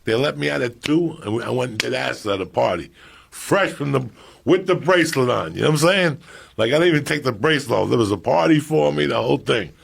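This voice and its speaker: This middle-aged podcaster's husky, gravelly voice sits at medium pitch, and he keeps a quick pace. He tells a profane comic story, now loud and animated, now hushed.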